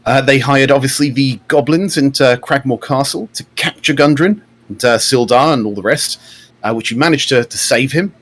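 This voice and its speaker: A man's voice: medium pitch, normal speed, fairly bright tone. A man, narrating a tabletop game as game master. He talks in a chatty way, with many fillers and restarts.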